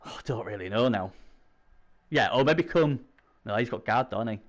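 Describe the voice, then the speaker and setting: A man doing chatty live video game commentary, swinging from low muttering to excited shouts. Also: moderate pace. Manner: chatty, opinionated, talks to himself.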